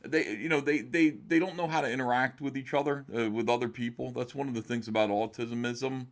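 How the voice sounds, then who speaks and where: A man's voice: medium pitch, fairly even intonation, a little fast. A man as a guest on a talk show, joking and provocative, rambling with restarts over a video call. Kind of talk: casual chat.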